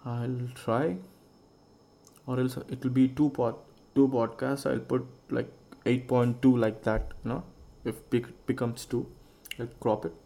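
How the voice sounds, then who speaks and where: Gravelly rambling man. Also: medium pitch, level tone, unhurried, mellow. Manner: rambling, musing and swearing freely. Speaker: podcast host. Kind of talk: casual solo podcast monologue.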